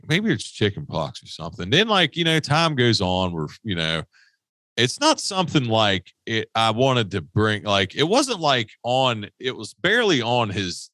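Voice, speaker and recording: On a podcast he co-hosts, a West Virginian man tells a rambling story in a studio, swearing constantly and restarting sentences as he goes. His lively voice swings up and down in pitch with a bright edge. The sound is dry, without room echo.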